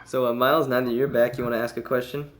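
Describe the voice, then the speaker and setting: A man's voice: mid-range voice, level tone, quick pace, background noise. A man hosting a podcast interview over a video call, asking questions in a hesitant way with many fillers. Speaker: podcast host.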